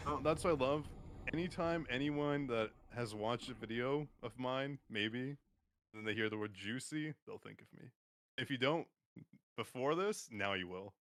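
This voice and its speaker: A man's voice: medium pitch, normal speed, a bit bright, no room sound. A man chatting with a fellow streamer during a game, playfully boasting and needling back. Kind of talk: casual livestream banter.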